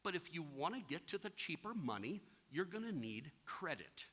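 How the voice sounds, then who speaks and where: A man's voice: a little high, very animated, moderate pace, a bit bright, slightly rough. A plain-spoken man giving a real estate investing seminar, talking directly to the audience and acting out anecdotes. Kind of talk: seminar talk with acted-out anecdotes.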